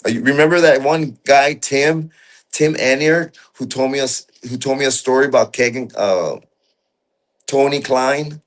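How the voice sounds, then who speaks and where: In a mid-range voice, a man shares a story while a guest in casual conversation. His delivery is coarse and profane, marked by frequent stops and fresh starts.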